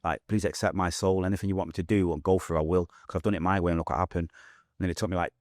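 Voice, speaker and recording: A man's voice: sits low, steady tone, rapid-fire, darkish tone, dry recording, clean studio sound. A man with a Manchester accent telling his life story as an interview guest, emotional and blunt with street slang. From England.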